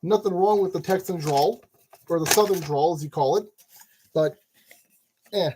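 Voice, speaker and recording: A man's voice: high voice, normal speed, noisy background. A man hosting a casual build tutorial, chatty and jokey, talking to himself as he works. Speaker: channel host giving building instructions.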